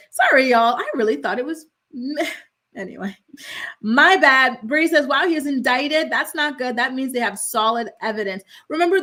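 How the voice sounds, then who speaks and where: Young woman host, higher-pitched voice, chatty and animated, reads viewer comments between laughs. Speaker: host of a morning gossip show. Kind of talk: casual livestream chat reading comments.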